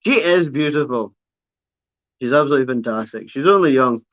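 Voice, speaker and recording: A man's voice: mid-range voice, lively intonation, brisk, no room sound. A man hosting a casual livestream, chatting fondly about his pet spider and cooing at her now and then. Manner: chatty, fond baby talk to his spider. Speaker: livestream host showing pet reptiles and spiders. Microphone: camera on a tripod, close by. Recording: dull, slightly lo-fi sound.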